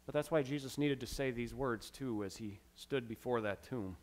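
A man preaching a sermon as pastor, acting out quoted lines dramatically with swings from loud to hushed. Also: mid-range voice, moderate pace. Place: church.

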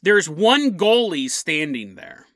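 A man hosts a paranormal podcast, telling a story with lots of energy and chuckling mid-sentence. His voice is high, sing-song and fairly bright, his pace slow, with no room sound.

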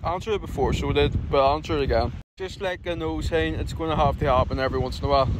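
A man's voice: fairly high pitch, rapid-fire. A young Northern Irish man from Belfast talking to camera in a brash, sweary, mocking way. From Belfast, Northern Ireland. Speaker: vlogger. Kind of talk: casual piece to camera. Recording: outdoor wind noise.

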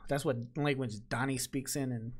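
A man's voice: medium pitch, fairly even intonation, moderate pace, slightly rough. A young man giving loose, joking playthrough commentary, swearing and laughing as he plays. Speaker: gaming video creator. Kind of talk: casual game playthrough commentary.

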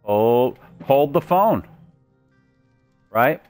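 A chatty man narrating his game live for viewers, his pitch leaping all over as he reacts and throws out puns. His voice sits a bit low, with faint music playing underneath. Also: lively intonation, moderate pace, long pauses, dry recording. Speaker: gaming streamer. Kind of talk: live gameplay commentary.

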